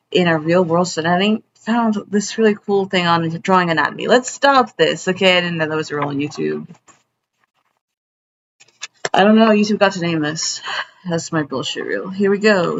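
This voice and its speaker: A woman's voice: fairly low pitch, gravelly, a bit bright, a little hiss or hum. A woman in her twenties talking casually to her viewers, scattered and jumping between topics, often apologizing. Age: 20s. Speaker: vlogger. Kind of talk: casual rambling vlog chat.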